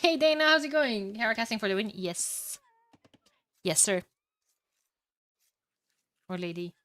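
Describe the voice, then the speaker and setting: A young woman with a Romanian accent calls a strategy match live for her stream, chatty and easily excited. She bursts into loud exclamations and swears casually, recorded close and dry with no room sound. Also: mid-range voice, a little slow, dry recording. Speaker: streamer casting games. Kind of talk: live game commentary and chat reading.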